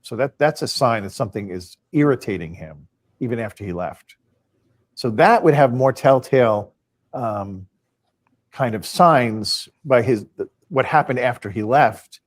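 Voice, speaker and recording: A man's voice: medium pitch, expressive, measured pace. A man on a podcast, casually retelling stories and acting out the quoted dialogue. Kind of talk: casual storytelling.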